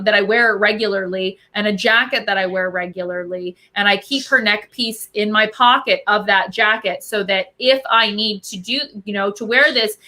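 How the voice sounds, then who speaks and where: A woman's voice: mid-range voice, sharp tone. A woman guest chatting casually and bubbly, answering viewer questions about cosplay. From Albuquerque. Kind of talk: casual chat.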